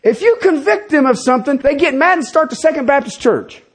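Fairly quick and very high-pitched, a pastor in his fifties gives a lively sermon in a conversational tone. Casual comments to the congregation are sprinkled throughout.

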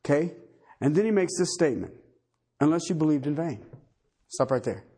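A man preaching a sermon as pastor, emphatic, swinging between loud and low. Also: animated, normal speed, breathy edge.

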